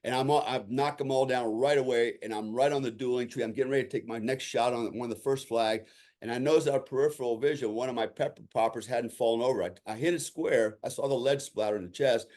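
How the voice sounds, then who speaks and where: A podcast guest with a mid-range, slightly mellow voice recounts a story from his military days in a conversational way. He's a vivid storyteller, acting out the lines of the people involved and often adding "you know" and "right?".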